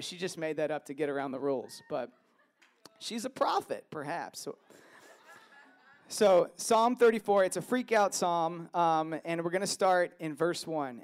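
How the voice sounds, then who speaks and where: A man in his thirties preaching a sermon, telling stories in an animated way that moves from hushed to loud. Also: fairly high pitch. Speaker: pastor.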